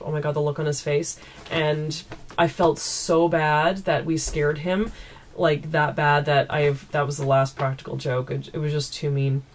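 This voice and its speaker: Lady rambling thru a q&a at home, giggly, kinda low voice, camera mic. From East Coast Canada. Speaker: vlogger answering viewer questions. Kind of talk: casual Q&A chat.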